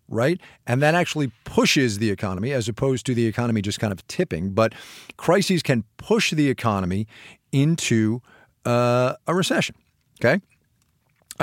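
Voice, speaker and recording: A man co-hosts a podcast and talks through a question in loose, conversational bursts, breaking into laughter and restarting himself. His pitch swings widely from low to high. The recording is dry and close, with no room sound. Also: no echo. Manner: lively, laughing, self-interrupting explainer. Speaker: podcast co-host. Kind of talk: casual explanatory chat.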